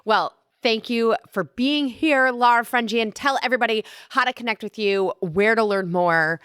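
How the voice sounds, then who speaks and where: A woman's voice: on the high side, normal speed, a bit bright, clean tone, no room sound, clean studio sound. A woman hosting a wellness podcast, closing an interview and signing off in an upbeat, friendly way. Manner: upbeat, friendly wrap-up patter. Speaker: podcast host.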